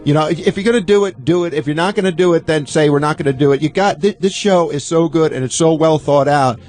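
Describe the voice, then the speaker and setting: A man hosting a radio talk show from a studio, excited and rambling with many fillers. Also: fairly high pitch, fast, faint music behind. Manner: enthusiastic, rambling, lots of fillers. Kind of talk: casual radio chat. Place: radio studio in New York.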